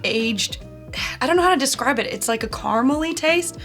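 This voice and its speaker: A woman's voice: high-pitched, expressive, brisk, fairly bright tone, soft background music. A woman co-hosting a casual tasting chat, thoughtfully searching for the right descriptive words. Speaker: co-host.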